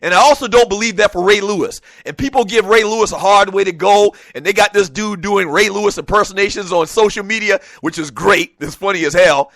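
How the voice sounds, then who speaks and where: Passionate high-voiced male sports talk host. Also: brisk, few pauses, dry recording. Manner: passionate, animated, often escalating into shouting. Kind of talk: sports talk radio monologue. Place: radio studio.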